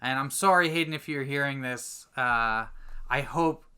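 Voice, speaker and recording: A man telling a lively anecdote as a guest on a casual podcast, full of fillers and restarts. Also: mid-range voice, moderate pace, a little hiss or hum. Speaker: podcast guest, commercial content producer. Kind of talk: casual storytelling chat.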